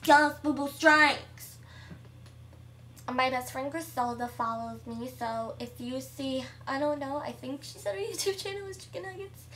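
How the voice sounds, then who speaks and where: A young girl giving casual, chatty commentary over her own gameplay at home, excitable and shrieking at surprises. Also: high-pitched, normal speed, few pauses, recorded from a distance, slight background noise. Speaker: gameplay vlogger.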